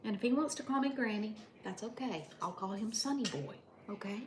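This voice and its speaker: An older woman with a drawl talks to her viewers by name as she cooks. Her voice sits at an ordinary pitch, and her talk is easy and motherly. A faint hum of her home kitchen is heard behind her. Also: expressive, fairly quick, darkish tone. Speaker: livestream host. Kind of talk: casual cooking livestream chat.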